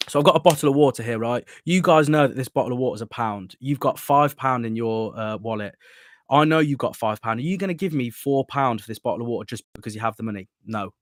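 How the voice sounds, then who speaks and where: A fast-talking man hosts a football fan stream. He gives his opinions passionately, drifting into rambling asides. His voice is recorded dry and close, with no room sound. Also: medium pitch, no room sound. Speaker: football show host.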